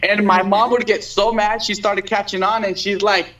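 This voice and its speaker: A man's voice: high-pitched, little pitch movement, normal speed, sharp tone. A man in his thirties, a singer being interviewed, chatting casually with many fillers and restarts. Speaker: guest singer. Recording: dull lo-fi stream audio.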